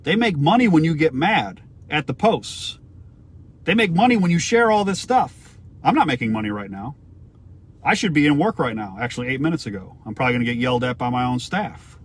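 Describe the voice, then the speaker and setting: A man's voice: on the high side, big pitch swings, a little fast, slight background noise. A man from the United States giving an emphatic opinion rant to camera, firing off rhetorical questions and swearing now and then. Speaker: vlogger.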